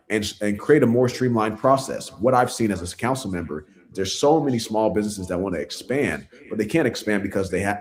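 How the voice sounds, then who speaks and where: A man's voice: lowish voice, a little mellow. A man, a city council member running for office, talking earnestly in a casual interview and laughing at himself.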